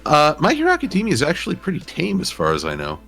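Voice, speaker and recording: A man being interviewed about his art, speaking in a measured, thoughtful way with frequent pauses. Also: a little high, wildly swooping pitch, creaky, music in the background. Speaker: interview guest, digital artist. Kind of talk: casual chat interview.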